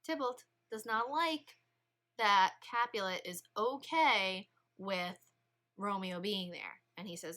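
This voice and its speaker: A woman teacher leading a read-along literature lesson, explaining in a lively, chatty way. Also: medium pitch, takes it slowly. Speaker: English teacher.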